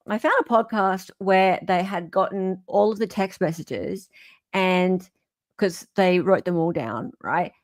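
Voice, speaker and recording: An Australian woman hosting a casual commentary show, chatty and animated, with the odd swear word thrown in. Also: mid-range voice, dry recording, studio quality. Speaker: host.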